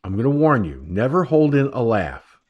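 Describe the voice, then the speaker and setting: A man's voice: medium pitch, sing-song, normal speed, breathy edge, lo-fi sound. An older man hosting an online talk radio show, joking and rambling crudely about everyday troubles. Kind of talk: casual call-in chat.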